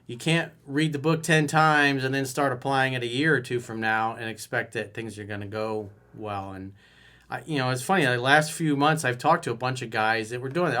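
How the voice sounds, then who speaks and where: A man speaks as a dating coach in a relaxed, conversational way, leaning on key words for emphasis. His voice sits at an ordinary middle pitch. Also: a little fast. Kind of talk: solo coaching talk.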